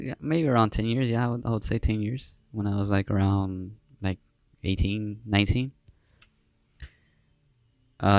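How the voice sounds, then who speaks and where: A man's voice: on the low side, darkish tone, smooth, dry recording. A young man from Southern California hosting a podcast, chatting casually and rambling with lots of slang, fillers and restarts. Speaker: podcast host. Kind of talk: casual chat.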